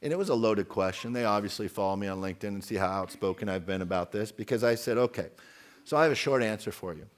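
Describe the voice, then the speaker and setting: A man's voice: on the low side, fast talker. A man in his forties giving an outspoken, emphatic conference keynote and putting questions to the audience. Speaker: keynote speaker.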